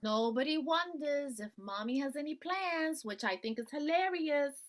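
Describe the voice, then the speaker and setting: A woman's voice: high-pitched, expressive, normal speed. An actress playing a sardonic mother with secret holiday plans in a stage play. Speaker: stage actor.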